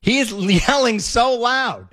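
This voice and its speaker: A man's voice: extremely high pitch, slow pace, a bit bright. A man hosting a talk radio show, opinionated and laughing often. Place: radio studio.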